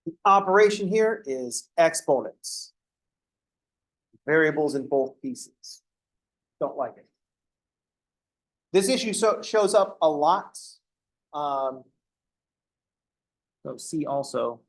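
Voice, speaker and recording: This math teacher's voice is fairly high and expressive, and he takes things slowly with frequent pauses. He lectures step by step, breaking off mid-thought for jokes.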